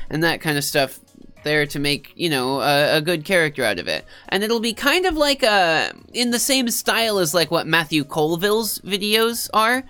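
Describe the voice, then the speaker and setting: A woman's voice: lowish voice, very animated, moderate pace, a bit bright. A woman streamer with a stuffed-up nose, chatting casually and rambling with her live viewers, often cutting herself off and joking. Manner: rambling, self-interrupting, joking.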